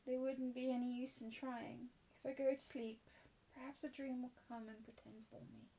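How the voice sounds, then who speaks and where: A woman voicing a soft, sad young girl. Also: flat delivery, moderate pace, lightly acted, rough recording. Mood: sad, quiet. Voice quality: soft, low.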